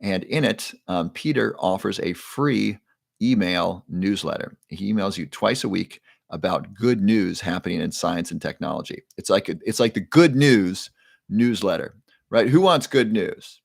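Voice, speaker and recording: A man's voice: low voice, expressive, unhurried, creaky, no echo, studio quality. A man hosting a live online show, leading viewers through a breathing exercise in an upbeat, chatty way that keeps prompting the audience.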